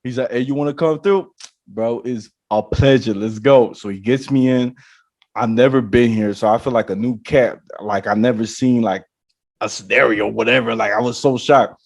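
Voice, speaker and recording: A man's voice: medium pitch, moderate pace, no room sound. A man, a podcast host, casually telling a long story and acting out the people in it. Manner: animated storyteller acting out dialogue.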